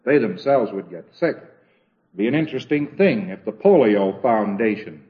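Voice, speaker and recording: A man's voice: lowish voice, animated, normal speed. A man giving an informal lecture in a wry, conversational way, often repeating phrases as he thinks aloud. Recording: dull lo-fi recording.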